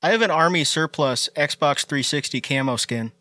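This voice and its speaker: Man, co-host, deadpan joker; bright, slightly high voice, dry recording. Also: moderate pace, dry recording. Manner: deadpan joking asides. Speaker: podcast co-host. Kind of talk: casual chat.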